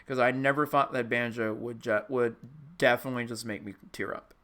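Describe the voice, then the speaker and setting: A man's voice: mid-range voice, steady tone, a little fast, a bit bright. A young man streaming live, talking casually to his chat in an emotional, rambling way, often saying dude. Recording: clear music playing behind. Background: music playing.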